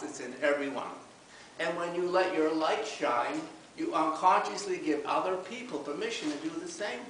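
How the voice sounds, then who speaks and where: A man's voice: on the high side, fairly bright tone. A male minister giving a sermon in a church, opening with a humorous story and then preaching earnestly. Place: church hall. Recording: echoey hall, mic from far off, faint hiss.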